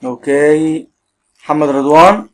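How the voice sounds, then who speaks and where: A man's voice: a little high, unhurried. A male teacher with an Egyptian Arabic accent giving an English lesson, switching between Arabic explanation and English and stressing words emphatically.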